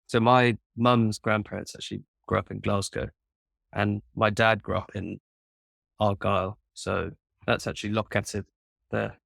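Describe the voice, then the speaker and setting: Young songwriter with a posh English accent; friendly, casual interviewer, lowish voice, dry sound. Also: male voice, little pitch movement, a little slow, gravelly, a bit bright, no room sound. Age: young adult. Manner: friendly, chatty storyteller. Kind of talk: casual chat.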